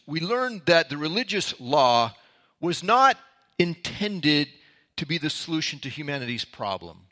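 Bright-voiced man teaching a sermon. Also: a little high. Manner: storytelling, conversational. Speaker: pastor. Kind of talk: sermon-style Bible teaching.

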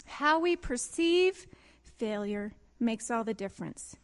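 A pastor's wife telling a funny story in a sermon, laughing often as she speaks. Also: on the high side. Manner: lively and expressive, quick to giggle. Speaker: pastor's wife giving a talk.

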